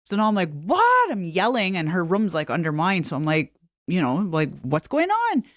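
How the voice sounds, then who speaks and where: A woman's voice: lowish voice, brisk, no echo, studio quality. A woman co-hosting a podcast, telling a story in casual chat with plenty of swearing and laughter. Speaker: podcast co-host.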